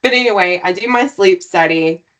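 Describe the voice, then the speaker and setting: A woman talking on a podcast, sharing a personal story in an earnest, animated way. Her voice sits in a middle pitch, and she keeps checking in with her listener as she speaks. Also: normal speed. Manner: earnest, animated retelling with frequent "right?" tags. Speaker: podcast guest.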